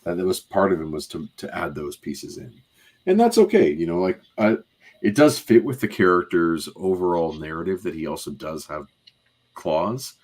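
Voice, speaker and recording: A man co-hosts a podcast, casually recapping scenes in detail and rambling with lots of "um"s and asides. His voice sits low and swings widely in pitch, with a moderate pace and a slightly mellow, breathy quality.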